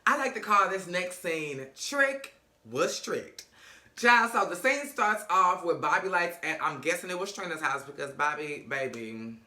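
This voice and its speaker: A man's voice: high voice, expressive, a little slow, sharp tone. Sassy, profane man recapping gossip. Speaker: reality TV recap vlogger. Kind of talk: casual commentary. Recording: echoey room.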